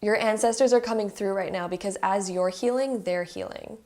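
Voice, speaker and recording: A woman's voice: medium pitch, fairly quick, darkish tone. A woman giving an intuitive tarot card reading straight to her viewers, earnest and emotional, talking in a chatty way full of "like" fillers.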